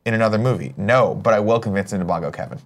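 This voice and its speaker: A man's voice: lowish voice, very fast. A man hosting a casual morning talk show, reading out viewer questions and joking with his co-hosts, swearing now and then. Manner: lively, swears, jokey. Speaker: host.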